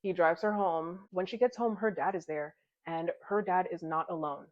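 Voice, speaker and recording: A woman's voice: on the low side, normal speed. A young woman casually recapping a novel in a chatty way, swearing freely and acting out the characters' lines. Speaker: book reviewer. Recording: dull lo-fi sound.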